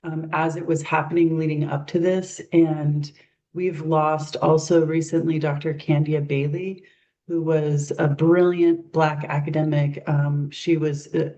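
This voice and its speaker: A woman facilitating a group discussion on a video call, speaking in a measured, thoughtful way. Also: low-pitched, level tone, mellow.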